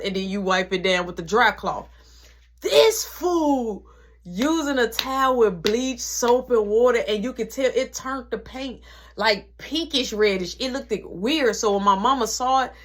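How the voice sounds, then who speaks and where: A woman vlogger retelling a family story in slangy casual speech, acting out the people in it. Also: medium pitch. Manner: slangy, animated, acts out quotes.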